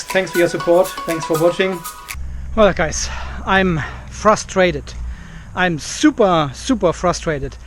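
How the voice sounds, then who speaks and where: A male car vlogger, voice high for a man, vents to the camera from his home carport in a casual vlog. He sounds exasperated and keeps returning to the same gripes.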